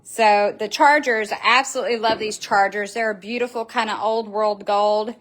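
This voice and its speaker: A woman's voice: medium pitch, pushed and bright. A middle-aged woman, hosting a casual live stream from her wreath shop, gushing and chatty as she answers viewers.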